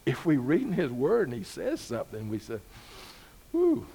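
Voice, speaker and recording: A man's voice: medium pitch, very animated, fairly quick, vocal fry, mellow, breathy edge. A man preaching a sermon as pastor, talking to the congregation in an easygoing way with rhetorical questions and rising emphasis.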